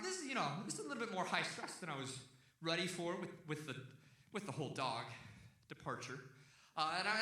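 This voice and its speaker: A young man from Texas telling a long stand-up story on stage, jumping into loud shouted voices for the people in it. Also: sits high. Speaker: stand-up comedian. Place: comedy stage before a live audience. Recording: echoey venue heard from a distance.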